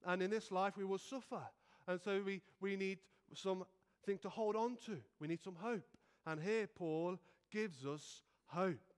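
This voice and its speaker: A nervous male preacher gives an evening sermon into a stand mic. His voice is high for a man and notably clear and resonant. He talks earnestly and humbly and often restarts his phrases. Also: a little slow. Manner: earnest, self-effacing, with frequent restarts.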